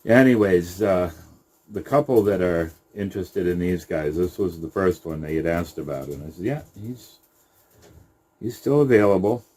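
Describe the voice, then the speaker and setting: A middle-aged man, a rabbit breeder, giving a casual video update in an unhurried, halting way, now and then softly cooing to his animals. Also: deep voice.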